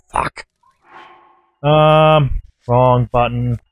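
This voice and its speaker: A man giving rambling, excitable let's play commentary as he plays a game, swearing often. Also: mid-range voice, very slow, long pauses, no room sound. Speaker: gaming channel host.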